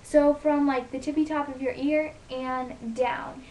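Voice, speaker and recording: Young female vlogger, high-pitched, talky and loud, filler-heavy, recorded in a roomy echoey space. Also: flat delivery, unhurried. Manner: chatty, rambling, lots of fillers; loud, emphatic delivery. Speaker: beauty vlogger. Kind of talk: casual hair tutorial vlog. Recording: echoey room.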